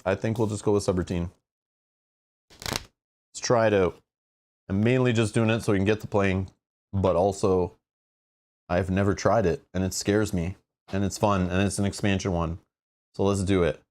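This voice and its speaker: Male board game streamer, lowish voice, chatty think-aloud play, excitable bursts. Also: moderate pace, long pauses. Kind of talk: live solo board game playthrough.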